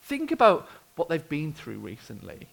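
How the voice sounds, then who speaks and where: A man's voice: a little high, wildly swooping pitch, moderate pace, gravelly, low-quality recording. A British man preaching a sermon, telling the story with expression and wry humour. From United Kingdom.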